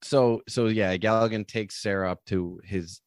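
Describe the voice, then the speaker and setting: A man's voice: on the low side, moderate pace, no room sound, studio quality. Rambling, laughing man reviewing a movie. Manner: rambling, laughs often, quotes movie lines in animated voices. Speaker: podcast co-host. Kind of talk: casual movie review chat.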